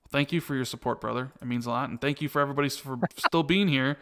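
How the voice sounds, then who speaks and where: A man's voice: medium pitch, fast talker, few pauses, bright, forceful tone, clear, resonant tone. A man hosting a casual podcast, easygoing as he reads out and answers viewer comments from the live chat.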